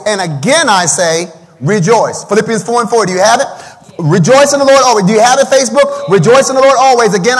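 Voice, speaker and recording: Male pastor, very high voice, preaching with call-and-response, long hall reverb. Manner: preaching with call-and-response, breaks into singing a hymn. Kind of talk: livestreamed sermon.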